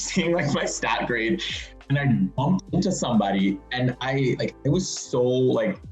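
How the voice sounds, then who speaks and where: A man's voice: echoey room, poor audio. A young man, a university student, casually telling a funny story and acting out the voices of the people in it. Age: young adult. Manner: animated, acts out voices in high pitch. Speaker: student panelist.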